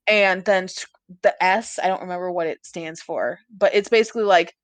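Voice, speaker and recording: A woman's voice: lowish voice, normal speed, no room sound. A young woman co-hosting a podcast in casual chat, swearing freely and laughing often. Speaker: podcast co-host.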